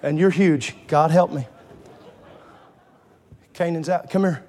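A pastor in his forties preaching a sermon to a congregation in church, passionate and building to shouts. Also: on the high side, steady tone, slow pace. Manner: impassioned, builds to shouting, stretches key phrases. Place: church sanctuary before a congregation.

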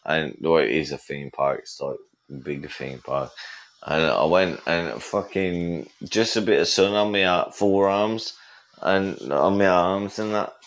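Deep-voiced English man, animated banter. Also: unhurried. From England. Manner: animated, swearing, rambling. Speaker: podcast co-host. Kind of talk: casual chat. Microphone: remote call.

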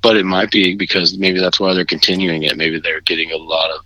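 A self-deprecating man with a low voice and a bright, forceful edge, chatting casually as a guest. He laughs through his stories about himself. The recording is dry and close. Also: level tone, fairly quick, dry recording, low-quality recording. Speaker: musician guest. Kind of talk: casual chat.

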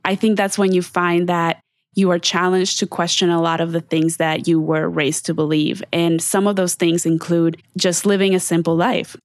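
Woman podcast host, lower register, dry close sound; candid, heartfelt solo monologue straight to listeners, casual, swears now and then. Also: little pitch movement, normal speed, no room sound. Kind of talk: unscripted personal monologue.

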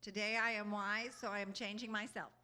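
Bright-voiced earnest woman speaker. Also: mid-range voice, flat delivery, fairly quick. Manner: earnest and conversational, often asking "you know?"; laughs easily between thoughts. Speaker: spiritual speaker. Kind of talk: inspirational talk to a group.

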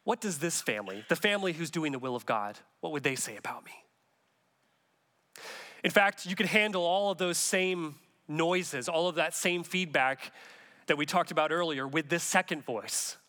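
Male pastor, bright and somewhat high voice, earnest conversational sermon delivery. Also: normal speed.

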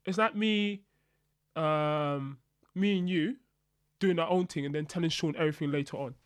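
A man's voice: fairly high pitch, normal speed, smooth. Young man, rambling podcast chat. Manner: rambling, restarts, acts out quotes. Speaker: podcast co-host. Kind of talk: casual chat.

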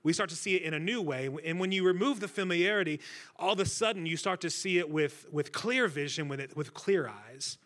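Guest preacher, man, bright forceful tone, slightly high voice, jokes with the room. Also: a little fast. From Centralia, Illinois. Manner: energetic, joking, talks with the crowd. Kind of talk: sermon. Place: church stage before a congregation.

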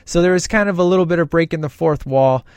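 A man's voice: a little high, fast, smooth, no room sound. Rambling, enthusiastic man, dry close sound. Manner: rambling and enthusiastic, many fillers. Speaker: podcast host reviewing a film. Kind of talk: casual movie commentary.

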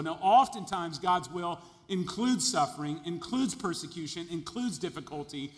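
A man preaching a sermon, emphatic and building to loud peaks, often repeating his words. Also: a little high, long reverb tail. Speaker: pastor.

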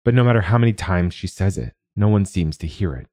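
A man hosting and narrating a short story in a calm, measured way. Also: low voice, no room sound. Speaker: host and narrator.

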